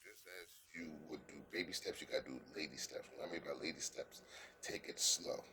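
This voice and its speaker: A man's voice: rumbling low, fairly even intonation, sharp tone, a little hiss or hum. A man giving casual dating advice to the camera in an earnest, coaching way, often stumbling over words and checking "you understand?". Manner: halting, repeats words, keeps asking "you understand?".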